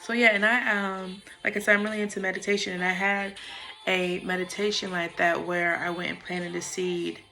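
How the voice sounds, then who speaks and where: Gravelly-voiced woman musing on spirituality. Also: lowish voice, normal speed, faint music behind. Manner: relaxed, frank, swears freely. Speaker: vlogger. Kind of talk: casual spiritual monologue.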